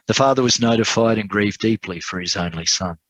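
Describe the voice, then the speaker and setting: A man preaching, telling an illustration story in an earnest way and slowing down for emphasis. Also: fairly low pitch, fairly bright tone, no echo, low-quality recording. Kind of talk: sermon storytelling.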